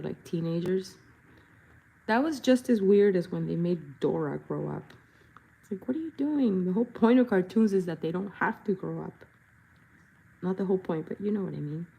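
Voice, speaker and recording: Playful, husky-voiced woman chatting while painting. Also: on the low side, mellow. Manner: playful and chatty, breaks into silly voices and jingles. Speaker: body painter and vlogger. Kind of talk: casual chat while painting.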